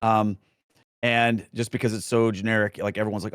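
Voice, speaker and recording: A man's voice: on the low side, level tone, moderate pace, clean tone, no room sound, studio quality. A middle-aged man answering questions in a casual Q&A, rambling with frequent restarts and fillers. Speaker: guest, Catholic speaker and former pastor.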